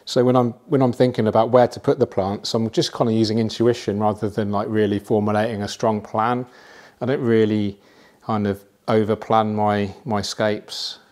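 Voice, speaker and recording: A man casually explaining how he plants an aquarium, chatty and relaxed, with frequent fillers and asides. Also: fairly low pitch, normal speed. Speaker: aquascaping presenter.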